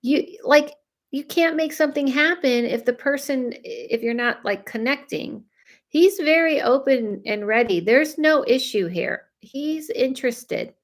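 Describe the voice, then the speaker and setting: A woman, chatting through a live psychic reading with lots of fillers, speaking straight to the people she reads for. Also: a little high. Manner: chatty, many fillers, talks straight to viewers. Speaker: psychic medium. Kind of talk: live reading, casual chat.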